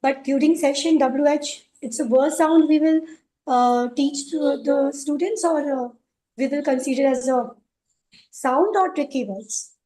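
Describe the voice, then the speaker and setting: Woman teacher, high soft voice, hesitant questioner on a video call. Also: unhurried, poor audio. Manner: hesitant, many fillers, polite "ma'am". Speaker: teacher asking a question in a training webinar. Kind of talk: question in an online teacher training.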